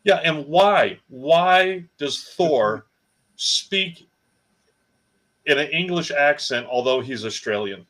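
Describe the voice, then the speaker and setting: A man's voice: on the high side, takes it slowly, poor audio. Man telling stories, casual podcast. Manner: storytelling, animated punchlines. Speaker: podcast co-host. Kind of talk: casual chat.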